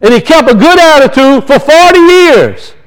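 A man's voice: very high voice, expressive, normal speed, rough recording. A man preaching a sermon, emphatic and repetitive, his voice rising and falling as he drives points home.

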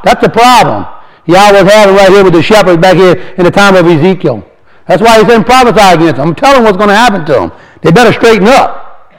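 High-voiced man preaching earnestly. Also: lively intonation, low-quality recording. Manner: earnest and exhorting, reads verses slowly, asks the audience questions. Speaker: lay speaker addressing a congregation. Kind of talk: informal sermon with scripture reading.

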